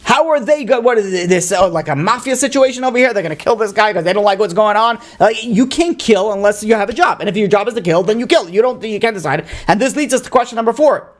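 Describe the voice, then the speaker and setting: High-voiced rabbi giving an animated Torah class. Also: male voice, quick pace, hardly any pauses. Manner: animated, asks rhetorical questions and acts out story dialogue; sprinkles Hebrew and Aramaic learning terms. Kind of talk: lively lecture.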